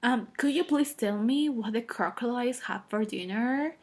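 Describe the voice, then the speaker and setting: A woman's voice: a little high, normal speed, lightly acted. A woman voicing a curious, polite young elephant in a storybook retelling, asking eager questions. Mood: politely curious.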